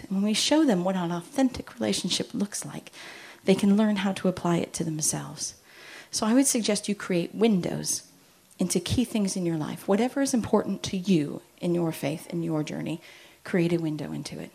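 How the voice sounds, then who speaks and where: A woman's voice: fairly low pitch, moderate pace, creaky, hardly any pauses, mellow, husky. A middle-aged woman from the United States giving a chatty, story-filled talk to parents at a church, acting out quotes as she goes.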